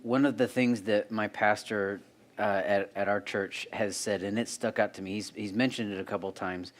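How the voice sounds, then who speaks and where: A man co-leading a church marriage workshop, sharing a relaxed anecdote about priorities. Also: lowish voice, normal speed.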